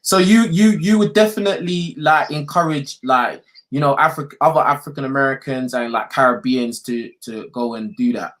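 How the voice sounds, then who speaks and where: A man hosting a call-in show, laid-back and full of slang, with drawn-out reactions. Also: mid-range voice, a bit bright. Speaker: host. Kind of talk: casual call-in chat.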